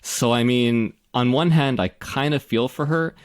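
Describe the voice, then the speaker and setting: A man from Canada, a podcast host telling stories in casual chat, lively and quick to mimic others. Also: medium pitch, smooth, no room sound, clean studio sound. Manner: animated storyteller, jumps into mocking voices.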